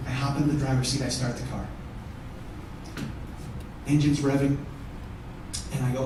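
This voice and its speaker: A man's voice: a little high, a little fast, darkish tone. A man performing a one-man comedy show, telling a story with intense, profane delivery. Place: theatre stage. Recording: roomy distant theatre recording, audible noise.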